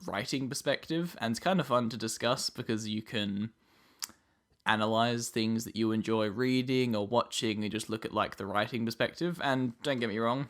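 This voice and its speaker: A man's voice: on the low side, fairly bright tone. An Australian man hosting a podcast, explaining at length in a casual way with plenty of "um"s. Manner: explains at length with many ums. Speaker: podcast host.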